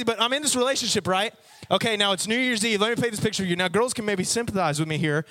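Young male youth preacher, animated storyteller with a somewhat high voice. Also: fast. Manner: animated storytelling, addresses the audience. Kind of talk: sermon testimony.

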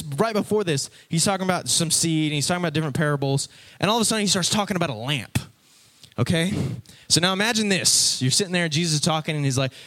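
A man preaching a casual, lively sermon from a stage before an audience, talking conversationally and acting out his listeners' reactions. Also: on the high side.

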